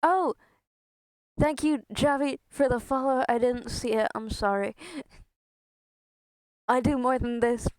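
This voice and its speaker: A woman with a slightly high, steady voice streams a game at a slow pace, pausing often. In casual stream chat she's exasperated, swears regularly, and is self-mocking, her breathing audible through a headset mic close to her face; there's no room sound.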